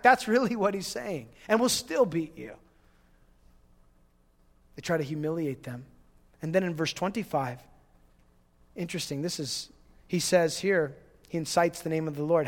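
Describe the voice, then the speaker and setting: A man's voice: high voice, animated, moderate pace, long pauses, long reverb tail. A man preaching a sermon as a pastor, conversational and storytelling, often repeating words.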